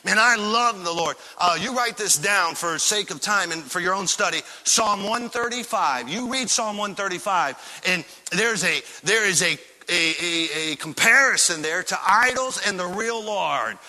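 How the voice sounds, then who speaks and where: A man preaching a sermon as pastor of a church, talking with animated enthusiasm and firing off repeated rhetorical questions. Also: sits high, measured pace, hardly any pauses, in a large hall, rough recording. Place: church sanctuary.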